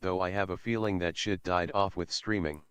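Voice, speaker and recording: A male text-to-speech voice reading out viewer chat messages in a flat, synthetic way. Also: low-pitched, moderate pace.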